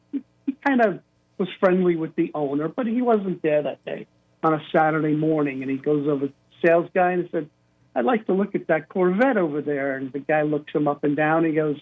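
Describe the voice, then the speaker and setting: An older man telling an animated story as a caller to a radio show, acting out the quotes. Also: fairly high pitch, moderate pace. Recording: tinny phone line.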